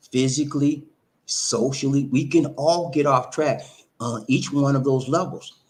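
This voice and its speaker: Host: man, casual advice monologue, animated and repetitive, mid pitch. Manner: animated, repetitive, preachy, says "man" often. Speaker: relationship talk host.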